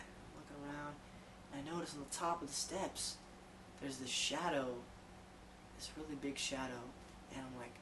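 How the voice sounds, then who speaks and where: A man's voice: on the high side, fairly even intonation, moderate pace, pauses often, background noise. A man telling a comic story about himself in a casual, profane, rambling, self-deprecating way.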